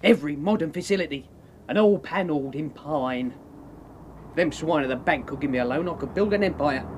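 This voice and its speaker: A man's voice: on the high side, fairly quick, noisy background, lightly acted. An actor playing a scheming small-time health entrepreneur, full of grand dreams and salesman's patter. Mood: grandiose.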